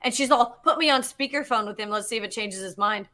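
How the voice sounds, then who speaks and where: Bright high-voiced woman telling a story. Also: fast. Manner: animated, swearing, acts out quotes. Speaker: guest geologist. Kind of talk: casual storytelling.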